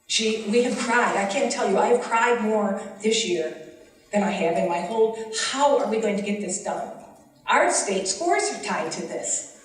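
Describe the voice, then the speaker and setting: A woman's voice: medium pitch, expressive, moderate pace. A woman who teaches special education, giving earnest, impassioned public testimony at a legislative forum. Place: large hearing room. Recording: echoey hall from far off.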